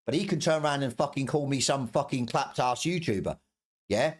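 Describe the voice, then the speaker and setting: A middle-aged man with an average-pitched voice vents fairly quickly in a heated, profane rant on his stream. His temper climbs as he stumbles, restarts, and repeats phrases in angry ranting commentary.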